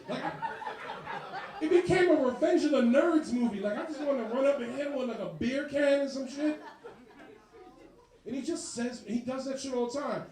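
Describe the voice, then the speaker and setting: High-voiced profane comedian. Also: male voice, roomy sound, distant mic, poor audio. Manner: profane, animated, quickly switching voices. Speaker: stand-up comedian. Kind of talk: stand-up set. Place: bar comedy show.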